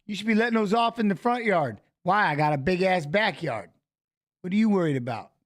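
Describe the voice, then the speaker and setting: A middle-aged man with a fairly high voice, talking in a loose, animated way. He tells a story in casual chat, swears freely and keeps restarting his sentences. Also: a little fast. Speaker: co-host of a fight preview show.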